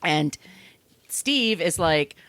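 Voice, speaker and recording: A woman podcast host tells a true crime tale as casual chat. Her voice sits slightly low but swings widely as she slips into goofy voices for the people in it. The sound is close and dry. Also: drawn-out words, no room sound. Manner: animated, acts out quotes in goofy voices.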